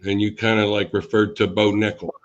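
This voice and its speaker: A man hosting an interview, asking a relaxed closing question. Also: on the low side, brisk, lo-fi sound. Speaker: interview host. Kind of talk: casual interview.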